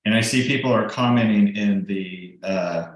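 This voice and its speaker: Over a video call, a middle-aged real estate coach and broker leads a casual team training in a fairly low voice at normal speed, stumbling into ums and restarts as he explains. Slight background noise mixes with the very echoey room sound.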